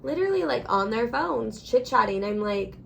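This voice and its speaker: A young woman chatting casually on a podcast, telling a story with animated quoted lines. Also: on the high side, moderate pace, creaky, a little hiss or hum. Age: young adult. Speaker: podcast co-host, sister. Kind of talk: casual chat.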